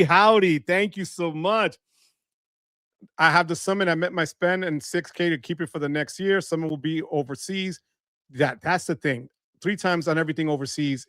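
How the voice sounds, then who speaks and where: A man's voice: high voice, fairly bright tone, dry recording, clean studio sound. A man hosting a casual livestream, reading the chat, greeting viewers by name and laughing often. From Bronx, New York. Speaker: livestream host.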